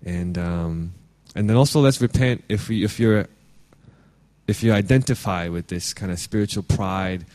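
A man's voice: low-pitched, normal speed, a little mellow. A man giving an earnest, conversational sermon as pastor, reading scripture and restarting his phrases often.

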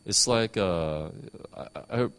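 A man from the United States, a pastor, preaching a sermon in a conversational, animated way with many restarts. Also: on the low side, takes it slowly, clean tone.

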